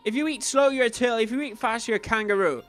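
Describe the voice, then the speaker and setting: A man hosting his own gaming channel, giving chatty gameplay commentary that swings between low mumbling and excited squeals. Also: quick pace. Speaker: YouTube gaming channel host. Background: faint background music.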